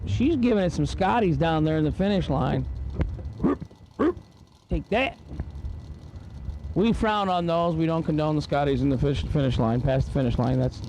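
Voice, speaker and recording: High-voiced man calling drag races. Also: moderate pace, long pauses, low-quality recording. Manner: rattles off lanes and times, then wisecracks. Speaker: drag race announcer. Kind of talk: race-call commentary with joking asides. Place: drag strip. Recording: loud race-car noise behind. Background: cars and engines at the track.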